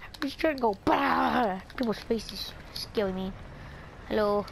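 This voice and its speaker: A woman's voice: on the high side, takes it slowly, vocal fry. A young woman giving playful, silly commentary while playing a shooter game, squealing and singing little nonsense lines. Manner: playful, squealing, silly sing-song asides. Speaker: gamer. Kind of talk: casual gameplay commentary. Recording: noisy game audio behind.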